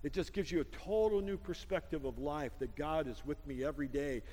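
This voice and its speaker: A male pastor preaching a sermon, telling stories with a laugh and building to a loud prayer. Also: a little high, fairly quick, long reverb tail, a little hiss or hum. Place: church sanctuary.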